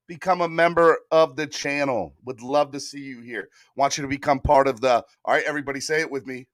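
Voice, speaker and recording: A man hosting a sports live stream, talking in a hyped, animated way straight to his viewers. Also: on the high side, fairly quick, no room sound, clean studio sound. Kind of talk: casual live-stream chat.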